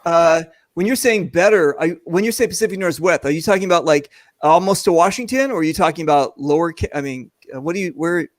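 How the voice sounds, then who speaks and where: A man's voice: fairly high pitch, quick pace, no room sound. A man hosting a casual video-call chat, joking and rambling with lots of fillers. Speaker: host.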